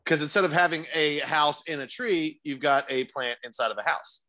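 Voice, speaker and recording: A man's voice: fairly high pitch, normal speed, pushed and bright, poor audio. A man co-hosting a podcast, joking and rambling with casual swearing. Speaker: podcast co-host.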